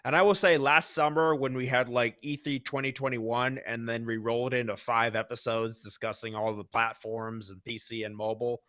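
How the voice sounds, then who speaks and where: A man's voice: mid-range voice, flat delivery, moderate pace, hardly any pauses, a bit bright, no echo, clean studio sound. A man co-hosting a casual gaming podcast, talking in an easygoing, good-natured, reflective way. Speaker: podcast co-host.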